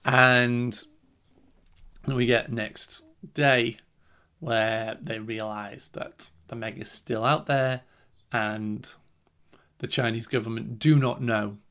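A man's voice: mid-range voice, fairly bright tone. A young man hosting a podcast, giving a casual film review in a chatty, rambling way, laughing often and swearing freely.

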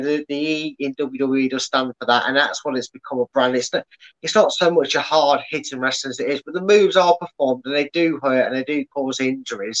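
A man, a podcast host chatting casually and plugging his channel, with many restarts and fillers. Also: mid-range voice. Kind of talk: casual chat. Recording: dull lo-fi sound.

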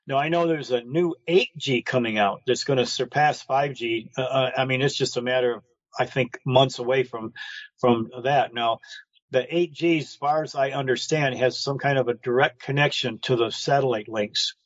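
A man talking on a live online show, rambling from one idea to the next and restarting his sentences. His voice comes through a video call, dry and dull. He has a mid-pitched voice. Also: moderate pace, dry recording. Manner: rambling, speculative, with many restarts.

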